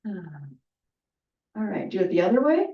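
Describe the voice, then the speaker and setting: A woman leading a qigong movement class, calmly cueing each breath with chatty asides. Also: medium pitch, moderate pace. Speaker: qigong instructor. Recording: roomy, distant, dull audio.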